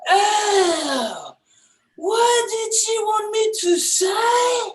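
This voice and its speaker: A man with a French accent putting on a voice for his distracted wife, shrill and exaggerated, as part of stand-up comedy. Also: big pitch swings, very slow, roomy sound, distant mic, a little hiss or hum, full character voice.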